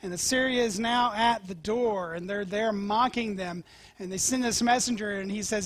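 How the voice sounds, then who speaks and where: A male pastor preaching a sermon, telling scripture stories with animated swings from loud to whispered. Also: high-pitched, moderate pace, no echo. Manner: animated storytelling, dropping to near-whispers.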